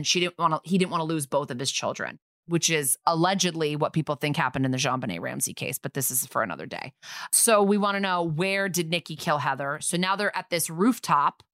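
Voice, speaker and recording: A woman's voice: sits low, fairly bright tone, dry recording, studio quality. A woman co-hosting a podcast, recapping a TV episode in casual chat and acting out quoted lines in playful voices. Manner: chatty, acts out quoted lines in funny voices. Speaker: podcast co-host.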